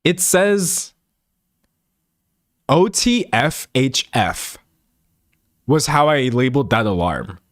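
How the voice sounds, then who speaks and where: A man's voice: medium pitch, sing-song, slow pace, long pauses, dry recording, studio quality. A young man from South Central Texas with a Texan drawl, chatting casually and joking on a livestream. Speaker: streamer.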